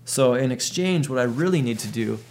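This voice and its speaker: A man's voice: medium pitch, animated, moderate pace, darkish tone, slight background noise. A man in his thirties thinking aloud in a reflective monologue, working through an analogy as he goes. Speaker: video host.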